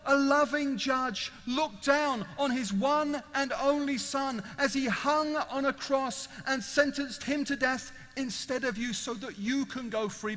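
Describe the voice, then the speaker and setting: A preacher telling a vivid courtroom story in a high, bright voice. He preaches emphatically, and a long echo from a large hall rings behind him. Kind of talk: evangelistic sermon.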